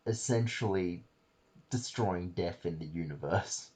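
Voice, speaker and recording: A man with a low, husky voice hosts a casual podcast chat. He retells stories at length, rambling with frequent fillers and the occasional swear word. The tone is loose and conversational. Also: measured pace, darkish tone. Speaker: podcast host.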